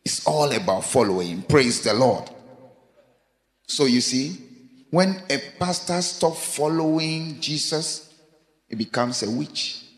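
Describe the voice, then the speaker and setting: A man preaching a sermon, emphatic, asking the congregation rhetorical questions and swinging between raised lines and low quiet asides. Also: animated, takes it slowly. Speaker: pastor. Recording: long hall reverb.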